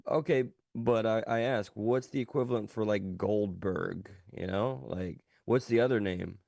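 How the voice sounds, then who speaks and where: A man's voice: on the low side, moderate pace, gravelly, darkish tone, no room sound. A man co-hosting a livestream, making dry, wry remarks with some swearing. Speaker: livestream co-host. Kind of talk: casual reaction chat.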